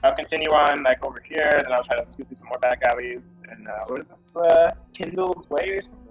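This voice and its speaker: Quick-talking player, lo-fi mic. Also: male voice, on the high side, very animated. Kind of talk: tabletop game chat. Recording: dull lo-fi mic with faint music.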